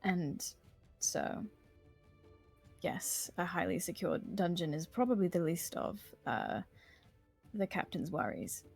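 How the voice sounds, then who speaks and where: A woman's voice: lowish voice, very animated, takes it slowly, creaky, long pauses, slightly rough, soft background music, exaggerated voice. A woman voicing Lark, a fussy adventurer who rambles off on tangents, in a tabletop role-play. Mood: rambling. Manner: rambling, digressive.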